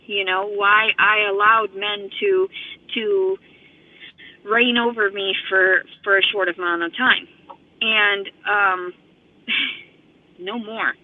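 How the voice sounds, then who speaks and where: A woman's voice: medium pitch, fairly even intonation, slow, pauses often, no room sound. Woman vlogger, profane rambling rant, slightly out of breath, thin phone-line audio. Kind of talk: rambling monologue to camera. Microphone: phone camera.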